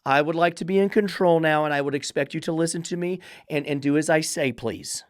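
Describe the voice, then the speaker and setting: A man's voice: a little high, fairly quick, no room sound, clean studio sound, natural voice. A man putting on the voice of a meek, lazy dog owner, mocking and simpering.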